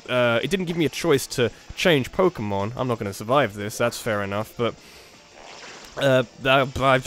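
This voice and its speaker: A man giving casual let's play commentary while playing, thinking aloud and often restarting his sentences. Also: a little high.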